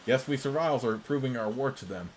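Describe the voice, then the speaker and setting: A cold, unafraid rebel warrior woman from a fantasy game, speaking with calm defiance as a man reads her lines aloud. The delivery sits in a plain middle pitch, with a faint hiss of noise underneath. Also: fast, lightly acted, low-quality recording. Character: defiant rebel female survivor soldier.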